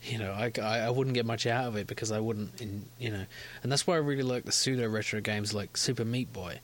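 A man co-hosting a podcast, arguing his point in casual chat and laughing easily. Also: on the low side. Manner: animated, argumentative, quick to laugh. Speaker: podcast co-host.

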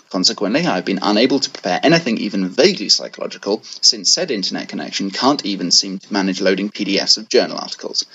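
Husky Southern English man, dry wit. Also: lowish voice, a bit bright. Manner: dry, mock-formal humour. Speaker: podcast co-host. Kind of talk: pre-recorded comic message. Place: room in a bed and breakfast. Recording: lo-fi pre-recorded message.

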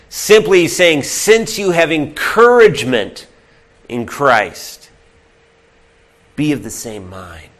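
Speaking a little high, this male pastor preaches with earnestness, putting direct questions to the congregation. His delivery swings from forceful, loud emphasis down to quiet, almost whispered passages.

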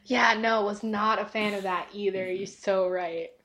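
A podcast co-host chats casually, talkative and giggly, with plenty of fillers. Her mid-range voice is fairly bright with fairly even intonation, and she speaks a little slowly.

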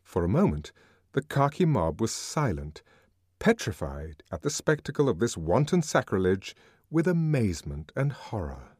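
Expressive male audiobook narrator, dry sound. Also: lowish voice, normal speed, breathy edge, no room sound. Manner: dramatic, very expressive reading. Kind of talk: scripted narration.

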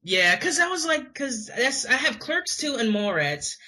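A man's voice: extremely high pitch, big pitch swings, unhurried, sharp tone, rough recording. A young Scottish man chatting casually as a podcast co-host, rambling with many fillers and restarts. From Scotland. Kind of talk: casual chat.

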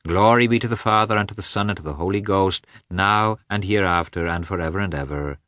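A man voicing a weary, meek older priest, reading a wedding prayer in a slow sing-song chant. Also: low voice, a bit bright, dry recording, clean studio sound. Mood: solemn chant.

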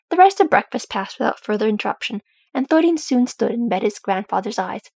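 A woman reading fan fiction aloud, with steady storytelling. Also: on the high side, a little fast, gravelly, husky, dry recording. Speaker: audiobook reader.

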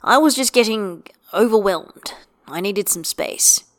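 A woman voicing a gentle young male wizard who talks with wry, joking levity. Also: medium pitch, animated, measured pace. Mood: subdued.

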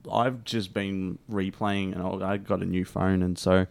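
A young man co-hosts a casual podcast in a fairly low voice. He is playful and throws in jokes. The sound is dry and close. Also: flat delivery, measured pace, vocal fry, dry recording. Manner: playful, jokey. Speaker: co-host.

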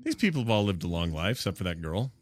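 A man's voice: low-pitched, big pitch swings, fast talker. A man hosting a podcast, riffing casually on a movie as he watches it and laughing often at it. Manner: joking, laughs often, wry asides. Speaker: podcast host.

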